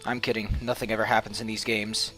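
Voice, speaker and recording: A man's voice: lowish voice, flat delivery, quick pace, fairly bright tone, faint music behind. A man giving casual gameplay commentary as a let's play host, with sarcastic, mock-villainous rants and swearing.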